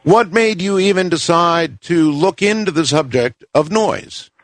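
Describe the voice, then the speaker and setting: A man hosting a talk show, chatting casually with halting, drawn-out phrasing and many pauses. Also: a little high, no echo. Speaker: radio talk show host. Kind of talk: casual interview chat.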